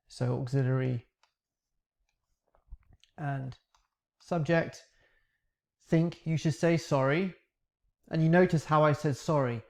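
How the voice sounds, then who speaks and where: A man speaks in a measured, reflective way, pausing to break down each part of a question. His voice sits a little high for a man. The recording is close and clean. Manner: calm, reflective, breaks down grammar step by step. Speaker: English teacher. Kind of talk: explaining a recorded interview.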